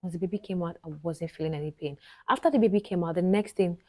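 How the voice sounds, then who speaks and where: A woman's voice: fairly low pitch, quick pace, a little mellow, no room sound. A Nigerian woman vlogger telling a personal story to camera, chatty and often talking straight to her viewers. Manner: chatty, frequently addresses viewers directly.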